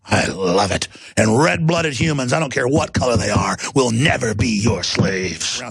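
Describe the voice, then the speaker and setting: A male talk show host delivering a loud, fervent, mocking rant. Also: medium pitch, expressive, unhurried, gravelly, slightly rough, no room sound, studio quality, soft background music. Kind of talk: ranting monologue.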